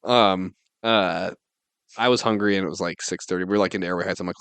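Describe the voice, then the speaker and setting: A man's voice: sits low, fairly even intonation, fairly quick, fairly bright tone, smooth, no room sound. A man in his twenties telling a rambling story to friends on a podcast, filling nearly every phrase with "like". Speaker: podcast co-host. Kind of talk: casual storytelling among friends.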